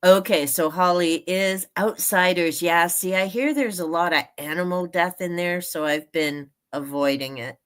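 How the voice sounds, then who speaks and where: A woman talks through her reading plans on a live stream in a loose, wandering way and laughs a lot. Her voice sits a little low. She takes her time over every phrase. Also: a little slow, hardly any pauses, clear, resonant tone. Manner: chatty and meandering, laughs often. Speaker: book channel host. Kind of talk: casual live-stream chat.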